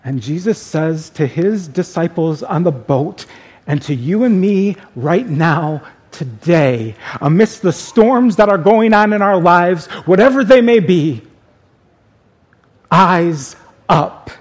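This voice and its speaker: Man, pastor, sermon, husky high voice, deliberate pauses. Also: lively intonation, a little mellow. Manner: slow, deliberate preaching with dramatic pauses.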